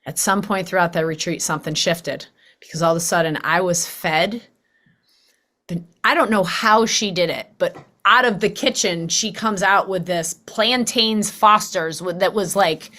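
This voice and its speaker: A woman's voice: fairly low pitch, normal speed, bright, forceful tone. A middle-aged woman hosting a podcast, talking casually and animatedly, acting out quoted voices. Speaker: podcast host. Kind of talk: casual conversational interview.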